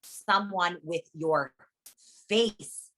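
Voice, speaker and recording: With a low voice and sharp tone, this interview guest, a young Guatemalan woman working at a plastic surgery practice, speaks in a rapid-fire, blunt, emphatic way. The interview is casual, and she swears plenty.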